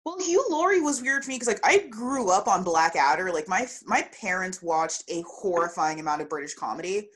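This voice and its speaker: A woman co-hosting a podcast, talking in a chatty, animated way with lots of fillers. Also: on the low side, fairly quick, hardly any pauses, slightly rough. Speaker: podcast co-host. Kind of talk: casual chat.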